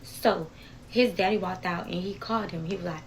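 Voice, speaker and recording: A woman's voice: fairly low pitch, moderate pace, vocal fry, a little hiss or hum, low-quality recording. A young woman telling a dramatic personal story in a casual vlog, emotional and repetitive, speaking straight to her viewers.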